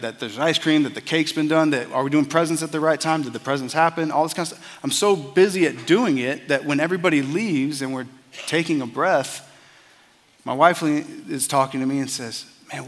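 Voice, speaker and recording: A man's voice: fairly high pitch, a little fast, in a large hall. A man preaching a sermon as a pastor, earnest and conversational, often repeating words as he starts a phrase.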